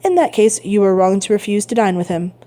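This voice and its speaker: A woman's voice: medium pitch, animated, fairly quick, dark tone, close to an everyday voice. A woman voicing a sly, grudging young male tailor who needles his neighbor in a storybook reading.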